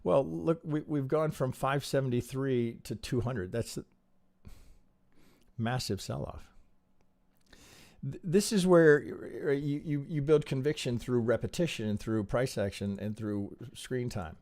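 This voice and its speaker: A man reviewing trading charts on a live stream, talking in an animated, rhetorical way with frequent restarts and tag questions. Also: medium pitch, measured pace.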